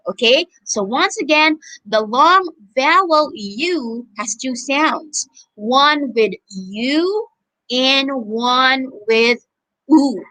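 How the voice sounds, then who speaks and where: A woman with a Filipino accent, from the Philippines, teaches an online phonics lesson in a high, pushed, bright voice. She draws out each word so learners can echo it back.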